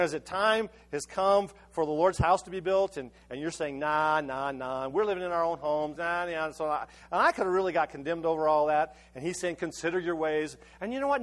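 A man with a high voice preaches to his congregation in a loose, conversational way. He tells his story in halting bursts, repeating and restarting words as he goes, and he gives his sermon with an easy storyteller's flow. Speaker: pastor.

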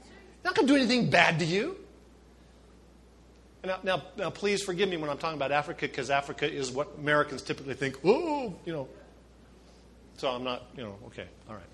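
Man, pastor, middle-aged, bright ringing voice, impassioned sermon, soft asides, loud emphasis. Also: fairly high pitch, lively intonation, fast talker, long pauses.

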